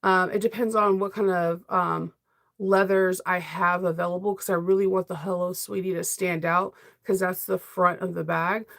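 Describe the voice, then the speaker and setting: A middle-aged woman sewing vlogger chatting casually on a livestream, talkative and quick to laugh. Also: lowish voice, level tone, creaky, fairly bright tone. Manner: chatty, laughs often, emotional.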